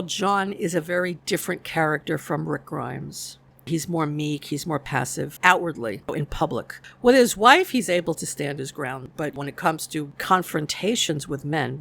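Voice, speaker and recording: A woman's voice: sits low, creaky, a bit bright. A woman recapping a TV episode in a casual, chatty way, retelling scenes and quoting the characters' lines. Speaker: YouTube show reviewer.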